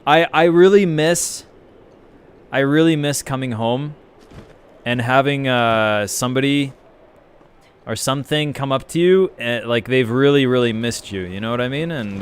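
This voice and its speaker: A man speaks at a measured pace in a smooth, medium-pitched voice as he streams a game. He chats loosely with viewers, swearing and rambling while answering their messages.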